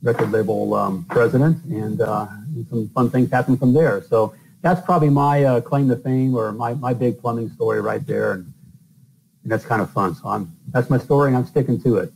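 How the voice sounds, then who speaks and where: In a casual storytelling interview, a middle-aged northern US plumber who hosts a podcast rambles through his tales with plenty of fillers. He speaks at normal speed in a medium-pitched, gravelly voice with a darkish tone, over a rough recording with slight background noise.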